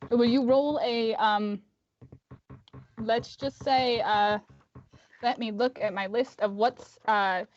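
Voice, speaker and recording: A woman's voice: a little high, fairly even intonation, takes it slowly, pauses often, faint music behind. A woman running an online tabletop game as game master, talking hesitantly with many ums. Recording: dull dry call audio.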